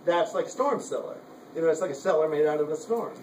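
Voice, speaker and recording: High-pitched and sing-song, this man teaches a writing workshop at a retreat slowly, pausing often and filling his loose talk with "like" and "you know." Captured on a handheld camera from across the room, the audio is roomy and distant, with background noise.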